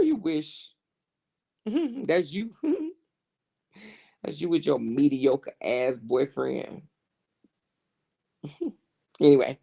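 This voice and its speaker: A woman's voice: a bass voice, vocal fry. A woman hosting a casual gossip livestream, cursing freely and laughing often as she talks. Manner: profane, animated, laughs often. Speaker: livestream host.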